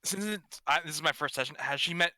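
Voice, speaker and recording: A man's voice: a little high, quick pace, sharp tone, dry recording. A man playing in a tabletop game, talking hesitantly as he thinks aloud. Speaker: player. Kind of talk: casual play chat.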